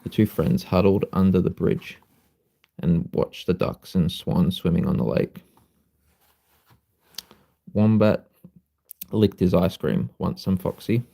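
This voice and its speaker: Brief: low dark gravelly male storyteller, drowsy, slow reading on a live stream. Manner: sleepy, unhurried, apologizes for slips and coughs. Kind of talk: reading a children's story aloud.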